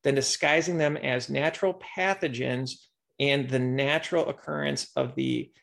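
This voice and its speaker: A man's voice: mid-range voice, very animated, moderate pace, vocal fry, a bit bright. A man hosting a podcast, talking in a rambling way and reading news articles aloud. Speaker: podcast host. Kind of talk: conspiracy commentary podcast.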